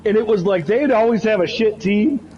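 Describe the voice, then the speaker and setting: A man in casual sports chat, excitable and swearing, laughing easily. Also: sits high, normal speed, muffled recording, a little hiss or hum.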